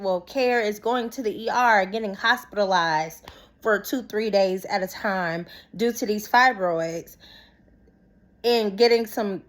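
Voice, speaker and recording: A young woman telling a personal story to her viewers in a casual, expressive vlog style. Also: on the high side. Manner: expressive, talks straight to viewers as "y'all". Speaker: vlogger.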